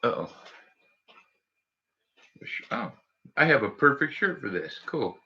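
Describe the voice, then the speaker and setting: The livestream host's voice is mid-range and sing-song, very bright and edged, with vocal fry and a slow pace. He addresses viewers casually in a nervous, jokey way. Sound quality is dull and lo-fi.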